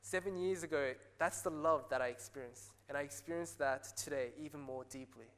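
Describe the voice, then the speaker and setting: A man preaching a sermon as pastor, earnest, rising to excited peaks and dropping soft again. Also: a little high, brisk. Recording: long hall reverb.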